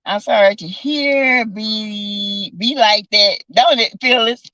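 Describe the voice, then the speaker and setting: A woman with a Southern American accent, telling stories in a sassy, animated casual chat, swearing and calling listeners honey and baby. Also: medium pitch, slow, no room sound, highs cut off. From South Carolina. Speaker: vlogger chatting with live viewers.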